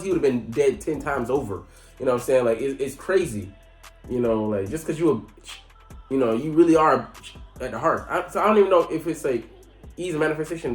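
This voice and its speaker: A man talks casually at a medium pitch, recapping an episode in a rambling way, full of fillers and swearing. His voice rings in an echoey room. A faint music bed plays underneath. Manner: rambling, lots of fillers, profane. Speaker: anime reviewer. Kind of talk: casual reaction commentary.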